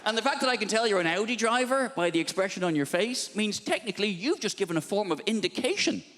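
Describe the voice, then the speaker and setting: A man doing stand-up comedy on a big theatre stage, ranting in an animated, exasperated way. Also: high-pitched, fast talker. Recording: large echoing theatre hall with noise.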